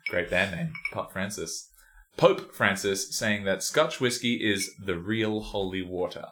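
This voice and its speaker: A man's voice: lowish voice, lively intonation, takes it slowly, fairly bright tone. A man co-hosting a podcast in casual chat, joking, rambling and laughing often. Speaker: podcast co-host.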